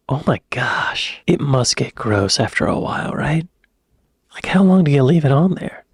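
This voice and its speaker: An American man of medium pitch with an American accent, talking in a loose, rambling, chatty way as he reacts. The sound is dry and close, with no room around him. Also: expressive, moderate pace, breathy edge, no echo. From United States. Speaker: reaction channel host. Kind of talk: casual reaction chat.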